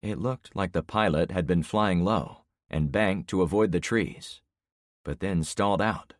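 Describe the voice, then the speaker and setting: A man narrating a story in first person with a steady, measured reading, close to the mic. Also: low-pitched, no echo. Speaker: audiobook narrator.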